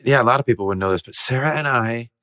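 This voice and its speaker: A man, a stage actor guesting on a podcast, telling lively anecdotes with frequent laughter and acted-out quotes. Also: mid-range voice, quick pace, dry recording, clean studio sound. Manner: animated, laughing storyteller who acts out quoted lines. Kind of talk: storytelling in an interview.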